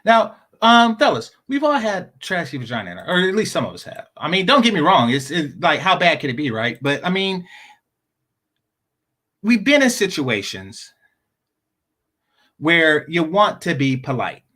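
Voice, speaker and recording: High, lively man ranting bluntly. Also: moderate pace. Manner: blunt, rambling with frequent repeated words. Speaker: show host. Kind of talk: casual live-stream commentary.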